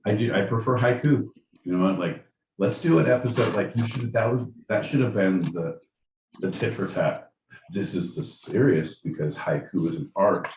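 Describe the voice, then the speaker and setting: A man's voice: on the low side, moderate pace, darkish tone. A man co-hosting a podcast, making dry, wry asides in casual banter. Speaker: podcast co-host. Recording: roomy, distant mic with faint noise.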